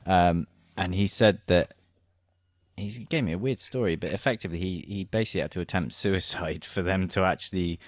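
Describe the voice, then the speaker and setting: A man with a deep, low voice tells stories from his army days in a loose, animated way. He often laughs as he talks. His voice sounds close and dry, with little room sound. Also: brisk, dry recording. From Britain. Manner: animated storyteller, laughs through anecdotes. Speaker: podcast host. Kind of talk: casual chat.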